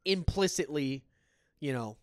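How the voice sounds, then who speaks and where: Man, podcast co-host, enthusiastic, swears, lively intonation, dry sound. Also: fairly high pitch, unhurried, no room sound. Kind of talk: casual chat.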